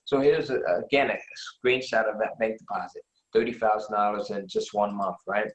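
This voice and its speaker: Excited guy pitching on a webinar, keeps saying "right?", echoey room. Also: fairly quick. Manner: enthusiastic, repeats "right?" often. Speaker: webinar host. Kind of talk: live webinar sales pitch.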